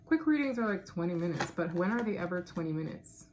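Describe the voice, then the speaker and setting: A woman giving a casual tarot reading to her viewers, thinking out loud and laughing often. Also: lowish voice, animated, brisk, very noisy. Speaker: tarot reader.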